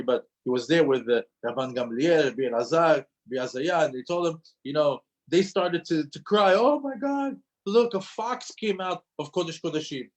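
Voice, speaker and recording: A man teaches a class with an emphatic, lively delivery, his voice sitting a little high for a man. He repeats key phrases for weight. When he tells a story, he acts out the quoted lines. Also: poor audio. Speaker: religious teacher. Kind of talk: lecture to an audience.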